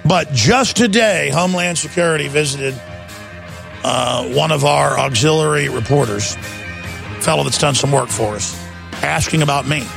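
A middle-aged man hosting a talk radio show, with a raspy, blown-out voice, talking in a wound-up, jabbering way. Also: fairly high pitch, moderate pace, fairly bright tone, faint music behind. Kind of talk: fast rambling talk radio monologue.

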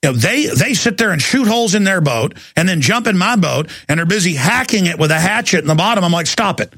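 In his forties and from Texas, a political talk radio host rants and tells stories in an intense, rambling, emphatic way. He speaks fast in a high voice with lively intonation and a bit of brightness, recorded dry in a studio with faint music.

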